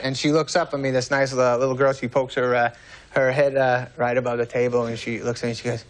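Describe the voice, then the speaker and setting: A man in his thirties from New Hampshire, a comedian guest telling a rambling, halting, self-mocking story on a talk show, often breaking into laughter. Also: mid-range voice, little pitch movement. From New Hampshire, USA. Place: TV studio with audience. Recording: noisy VHS TV recording.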